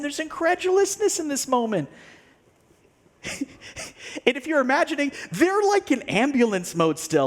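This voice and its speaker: Animated storytelling male pastor. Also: very high-pitched. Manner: animated storytelling, acts out quoted characters, laughs often. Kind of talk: sermon.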